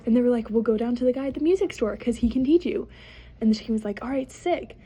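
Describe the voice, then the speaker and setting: Husky young woman rambling through a long joke. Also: fairly high pitch, fast talker, warm tone. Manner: rambling, full of fillers, acts out the animals' lines in her own voice. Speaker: podcast co-host telling a joke.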